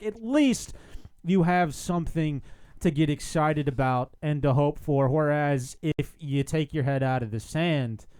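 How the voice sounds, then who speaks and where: A man co-hosting a podcast with a fairly high voice that swings widely and stays animated. He is sardonic and swears freely. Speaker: podcast co-host. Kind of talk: casual podcast chat.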